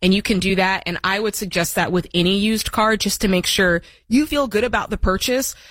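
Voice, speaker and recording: A woman's voice: medium pitch, a little fast, fairly bright tone, dry recording. Practical woman co-host giving advice. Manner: practical, step-by-step advice giver. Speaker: co-host of a call-in money show. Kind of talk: casual radio advice chat.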